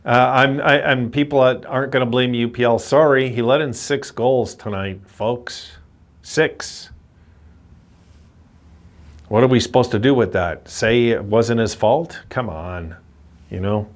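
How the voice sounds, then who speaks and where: A hockey fan commentator, a man with a medium-pitched voice, rants in frustration after the game at a normal speed. He keeps repeating himself and curses at his team.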